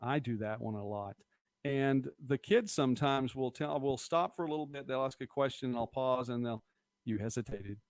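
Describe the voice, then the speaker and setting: A man's voice: medium pitch, moderate pace, dry recording. A middle-aged man chats his way through viewer comments on a live-stream, rambling and easygoing. His voice sits in the middle range and is recorded close up with no room sound at all. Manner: chatty, rambling, quotes movie lines. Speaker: host of a local live-stream show.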